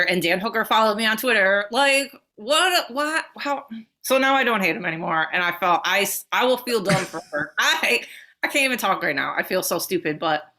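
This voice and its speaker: Bright-voiced woman telling stories animatedly. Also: fairly high pitch. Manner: animated storytelling, heavy swearing, acts out quotes. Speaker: podcast co-host. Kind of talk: casual chat.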